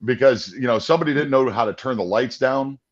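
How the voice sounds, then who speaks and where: A man's voice: mid-range voice, fast, muffled recording. A man co-hosting a casual movie discussion, rambling and restarting as he chuckles between points. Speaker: podcast co-host and voice-over performer.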